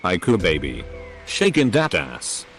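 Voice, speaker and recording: A man's voice: sits low, huge pitch swings, measured pace, a bit bright. A man reading forum posts aloud, speaking punctuation marks as words. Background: faint background music.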